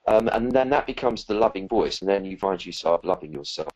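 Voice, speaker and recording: Man, very low voice, husky, spiritual teacher, live Q&A, rambling with fillers. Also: expressive, a little fast, low-quality recording. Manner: warm, earnest, rambling with fillers and restarts. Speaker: spiritual teacher answering questions. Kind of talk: live Q&A talk.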